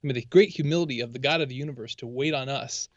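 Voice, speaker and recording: A man's voice: medium pitch, rapid-fire, no echo. Earnest man on a dull lo-fi mic. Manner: earnest, eager, stumbles and restarts, affirms often. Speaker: co-host of a faith discussion. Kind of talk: casual religious discussion.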